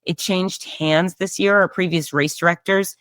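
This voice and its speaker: A middle-aged woman hosting a casual solo chat, upbeat and breezy, her voice nasal and hoarse. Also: on the low side, steady tone, measured pace, fairly bright tone, dry recording, studio quality. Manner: chatty and upbeat, breezy asides. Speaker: race announcer and show host.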